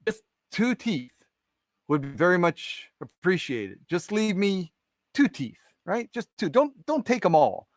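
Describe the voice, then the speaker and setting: A man's voice: a little high, unhurried, no room sound, studio quality, natural voice. A man doing a frightened, pleading mother mouse. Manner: pleading, repeating herself.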